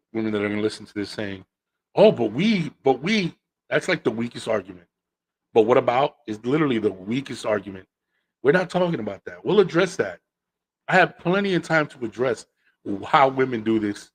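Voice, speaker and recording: A man hosting a podcast, talking casually and telling animated stories, acting out quotes and repeating phrases for emphasis. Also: mid-range voice. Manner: animated storytelling, acts out quotes. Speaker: podcast host. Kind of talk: casual monologue.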